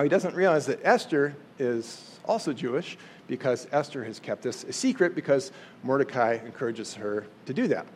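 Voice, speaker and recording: A man's voice: fairly high pitch, slight background noise. A man casually and animatedly retelling a Bible story as a teacher.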